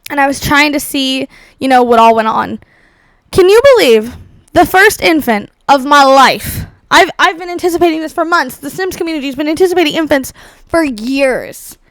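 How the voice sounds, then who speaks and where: A woman's voice: sits high, lively intonation, normal speed, a bit bright, no echo. A young woman doing chatty, rambling commentary over a game house tour, bubbly and dramatic, full of fillers. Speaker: Sims builder and YouTuber.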